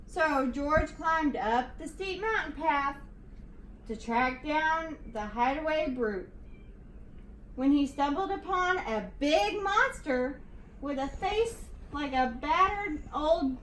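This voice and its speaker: High-voiced teacher reading aloud. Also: female voice, animated, fairly bright tone, a little hiss or hum. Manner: slow, rhythmic read-aloud. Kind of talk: reading a picture book aloud to a class. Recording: echoey room, distant mic.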